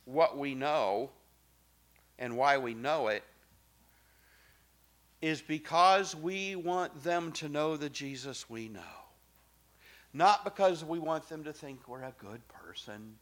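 A middle-aged male pastor preaching a sermon, emphatic and swinging from soft, low asides to loud exclamations. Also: takes it slowly, pauses often.

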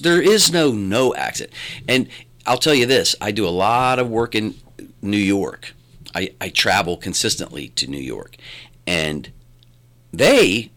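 A middle-aged man with a West Virginia accent, talking as an interview guest in a rambling way with many restarts. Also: fairly low pitch. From born in Louisiana, raised in West Virginia. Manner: rambling, animated, restarts often. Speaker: guest, filmmaker and radio announcer. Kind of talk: conversational interview.

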